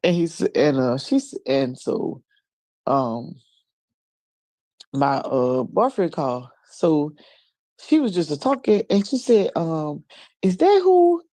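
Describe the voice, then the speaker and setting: A woman's voice: low-pitched, slow, pauses often, no room sound. A woman chatting casually, telling a funny story with lots of laughter and voices. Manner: animated storyteller, laughs often. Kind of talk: casual chat.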